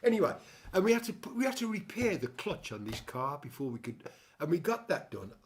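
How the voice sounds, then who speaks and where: A man's voice: on the high side, big pitch swings, fairly quick, slight background noise. Older man, rambling storyteller. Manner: chatty storyteller, many restarts, wry asides. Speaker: show host and songwriter. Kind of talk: rambling casual chat.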